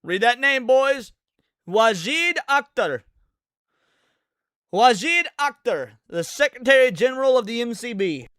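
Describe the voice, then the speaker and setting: High-voiced sarcastic male show host. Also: expressive, a little slow, long pauses, a bit bright, clean tone, no echo, clean studio sound. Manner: sarcastic, mocking asides; answers viewer chat questions. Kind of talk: casual political commentary chat.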